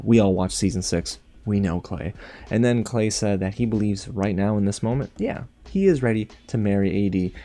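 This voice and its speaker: A man recapping a reality show in casual commentary, animated and sarcastic, with big jumps in pitch on his asides. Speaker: TV show reviewer.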